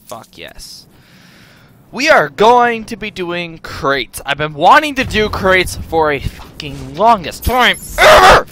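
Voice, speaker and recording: A man's voice: big pitch swings, slow, slight background noise. Foul-mouthed young man raging at a game. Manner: angry, profane ranting at the game; shouts and yelps in sudden high bursts. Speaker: gaming YouTuber. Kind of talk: let's play commentary. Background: game music and car engine sounds.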